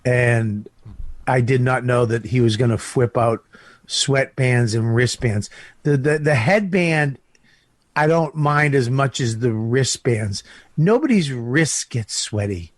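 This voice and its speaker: Teasing, disgusted radio guest. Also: male voice, medium pitch, takes it slowly, no room sound. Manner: teasing, disgusted, swears freely. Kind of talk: casual radio banter. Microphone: studio microphone.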